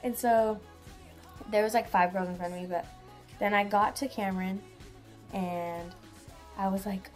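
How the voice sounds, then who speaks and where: A woman's voice: medium pitch, fairly even intonation, moderate pace, pauses often, darkish tone, soft background music. A teenage girl telling a vlog story in a giddy, gushing way, full of "like" fillers. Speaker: vlogger.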